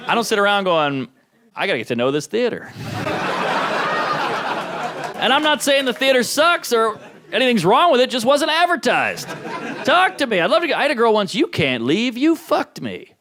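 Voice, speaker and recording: A man doing a stand-up comedy set with a wry, self-deprecating delivery, swinging between low mutters and sudden high outbursts. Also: sing-song, fairly quick, pauses often, a loud crowd. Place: comedy stage before a laughing audience.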